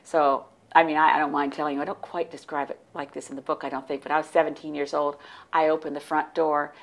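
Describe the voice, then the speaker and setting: A woman in her sixties, originally from the United States, telling lively anecdotes as an interview guest, often restarting her sentences. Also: sits low, fast talker. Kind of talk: casual interview storytelling.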